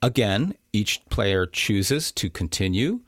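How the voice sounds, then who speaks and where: A man's voice: fairly low pitch, sing-song, slow pace, slightly rough, no room sound, studio quality. A man co-hosting a podcast, explaining a board game in casual chat and chuckling at his own slips. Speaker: podcast co-host.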